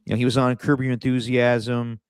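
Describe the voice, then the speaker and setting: A man's voice: medium pitch, little pitch movement, fairly quick, clean tone, dry recording. A man co-hosting a casual sports podcast, telling rambling anecdotes with plenty of fillers. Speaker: podcast co-host.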